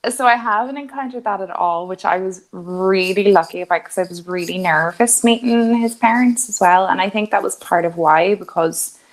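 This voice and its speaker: A woman's voice: mid-range voice, moderate pace, few pauses. A woman, co-hosting a podcast and telling a story in casual chat, acting out the lines of the people in it. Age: 20s. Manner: storytelling, acting out quotes, laughing often. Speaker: podcast co-host.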